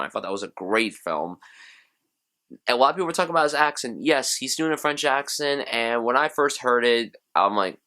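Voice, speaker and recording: A young man gives an easygoing film review in a lowish voice. His delivery is upbeat and conversational, and he drifts into side comments as he goes. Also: bright, forceful tone. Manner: chatty and enthusiastic, with loose asides. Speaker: movie reviewer. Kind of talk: casual spoken film review.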